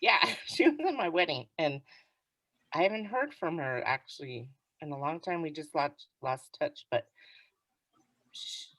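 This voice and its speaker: A woman co-hosting a podcast in loose, casual conversation, leaning on "like" as she talks. Her voice is very lively and swings widely in pitch. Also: measured pace, long pauses, no room sound. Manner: animated, chatty, heavy use of "like". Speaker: podcast co-host. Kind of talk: casual chat.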